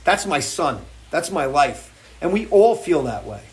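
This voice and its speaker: A man with a high-side, sing-song voice and measured pace hosts a live music show from his home porch. Talking off the cuff, he delivers an impassioned rant laced with swearing and restarts.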